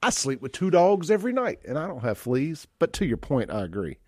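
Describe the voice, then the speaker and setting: A man's voice: on the high side, very animated, brisk, darkish tone, dry recording, studio quality. A man hosting a talk radio show, chatting bluntly and reading listener texts aloud. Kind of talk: casual talk radio chat. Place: radio studio.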